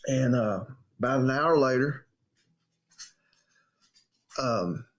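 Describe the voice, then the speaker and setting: A man casually telling a story on a podcast and acting out the quotes in a raised voice. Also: slow pace. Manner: animated storyteller, acts out quotes in a high voice. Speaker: podcast co-host.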